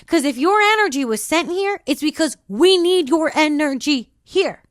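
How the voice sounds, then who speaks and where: A woman's voice: sits high, lively intonation, normal speed, no echo, clean studio sound. A woman hosting a podcast, giving a preachy, emphatic spiritual pep talk in punchy, repetitive affirmations. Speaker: podcast host. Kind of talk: spiritual motivational monologue.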